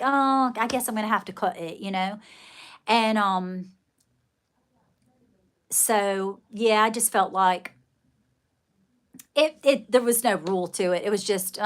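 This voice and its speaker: A woman's voice: medium pitch, fairly bright tone. A middle-aged woman hosting a live stream, telling rambling stories in casual chat and calling her viewers darling. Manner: chatty, rambling storytelling, calls viewers darling. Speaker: livestream host.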